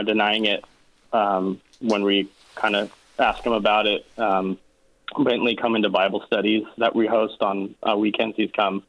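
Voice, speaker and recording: A man calling in to an advice show, hesitant and filling his speech with ums. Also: lowish voice. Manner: hesitant, many fillers. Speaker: caller. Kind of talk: phone call to a talk show. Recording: muffled phone line.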